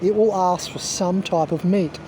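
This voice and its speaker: A man's voice: high-pitched, steady tone, unhurried, dark tone, a little hiss or hum. A man rambling to camera as a wellness vlogger, emphatic and self-assured, lecturing his viewers.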